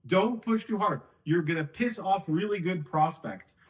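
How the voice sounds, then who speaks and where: A man teaching a sales technique in a casual, conversational way, acting out phone lines and slowing down to demonstrate them. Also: sits high, poor audio. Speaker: sales coach. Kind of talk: casual talking-head tutorial.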